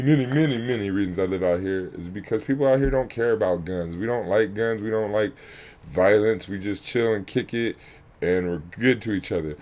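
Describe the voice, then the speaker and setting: A man's voice: low voice, darkish tone. Man giving heated reaction commentary. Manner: emphatic, repeats himself, swears; angry and worked up. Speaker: youth coach and commentator.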